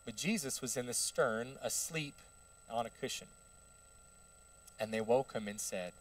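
A man preaching a sermon in an easy, conversational way, asking the congregation questions as he goes. His voice is mid-pitched and picked up by a mic some distance away in a church. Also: measured pace, long pauses. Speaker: pastor. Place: church sanctuary.

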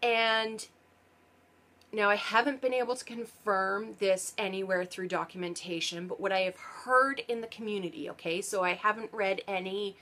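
A woman's voice: mid-range voice, steady tone, moderate pace, pushed and bright. A parent and vlogger talking through a frustrating topic in a casual explainer vlog. She is earnest and sarcastic, and often stops to correct herself mid-sentence. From Canada.

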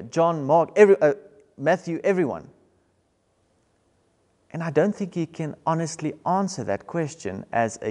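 A man's voice: fairly high pitch, expressive, measured pace, pauses often, darkish tone, in a large hall. A man with a South African accent, preaching a sermon as pastor in an earnest, emphatic way, repeating key words.

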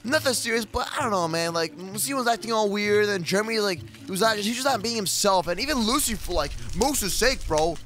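A man's voice: sits high, lively intonation, a little fast, few pauses, fairly bright tone, soft background music. A man hosting a Minecraft kids roleplay, talking in a jittery, rambling way. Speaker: roleplay channel host.

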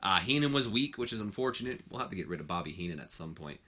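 A man's voice: on the low side, sing-song, quick pace, pushed and bright, muffled recording. A man giving casual commentary on a wrestling management game, rambling and correcting himself as he goes. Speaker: let's play narrator.

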